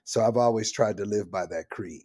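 An older man, a comedian guest on an interview, telling personal stories in a lively, animated way and acting out the voices of the people in them. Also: on the low side, fairly quick, husky. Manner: vivid storyteller who acts out the voices in his stories.

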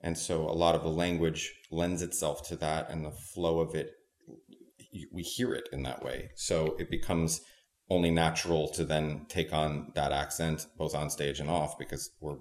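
A young adult man, a stage actor, answering interview questions in a thoughtful, measured way. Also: extremely low pitch, flat delivery. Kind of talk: interview conversation.

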